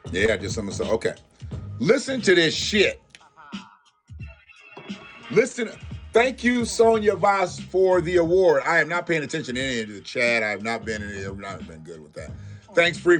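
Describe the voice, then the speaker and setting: A man's voice: on the high side, animated, moderate pace, fairly bright tone, faint music behind. A man hosting a live-stream commentary show, ranting bluntly and profanely and talking straight to his viewers. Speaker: livestream host.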